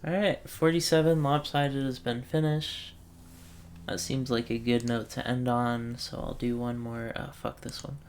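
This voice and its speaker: Slow, gravelly man thinking aloud. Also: mid-range voice, flat delivery. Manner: thinking aloud, wry self-talk. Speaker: let's play gamer. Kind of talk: puzzle game commentary.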